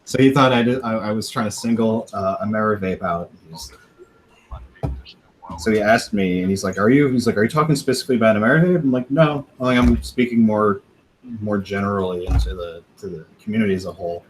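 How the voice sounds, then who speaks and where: A man's voice: fairly low pitch, fairly even intonation, fairly quick, a little hiss or hum, low-quality recording. A man on a podcast casually telling a long profane story, laughing now and then and acting out what others said. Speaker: podcast host.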